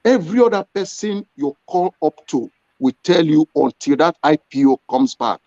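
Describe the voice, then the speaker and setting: A man's voice: on the high side, expressive, normal speed, darkish tone, no room sound. A man, a business owner, answering interview questions in an earnest storytelling way. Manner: earnest, storytelling with acted quotes. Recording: dull lo-fi sound.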